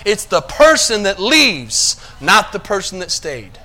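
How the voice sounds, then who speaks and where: This male pastor's high voice swings hugely in pitch as he preaches slightly slowly, barely pausing. He checks in with the congregation and moves from quiet side remarks to loud, emphatic sections.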